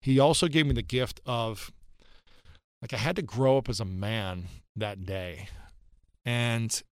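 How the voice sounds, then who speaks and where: A man's voice: mid-range voice, unhurried, clean tone, no echo, studio quality. A man in his thirties, a podcast guest, telling a personal story in an earnest, reflective way and repeating phrases for emphasis. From United States.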